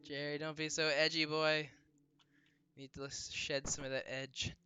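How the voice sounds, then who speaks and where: A young man offers casual let's-play commentary on a game he's playing, rambling, swearing, and laughing easily. His voice is a little high, level, and moderately paced, with a sharp, clear, resonant tone. Faint game music plays behind him.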